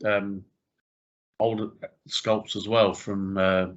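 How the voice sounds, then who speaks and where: A rather low-voiced man hosting a relaxed podcast chat. He talks haltingly, restarting his sentences and stacking up fillers, and he agrees readily. The recording sounds dull and lo-fi.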